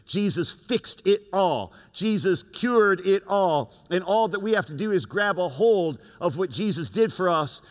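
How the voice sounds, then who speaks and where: Man, pastor, emphatic repetitive sermon, high voice, long hall echo. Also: fairly bright tone, smooth.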